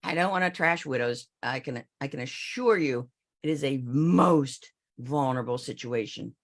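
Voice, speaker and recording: A woman's voice: very deep voice, moderate pace. A middle-aged woman, a former financial advisor, speaking emphatically to an audience and addressing listeners directly with rhetorical questions.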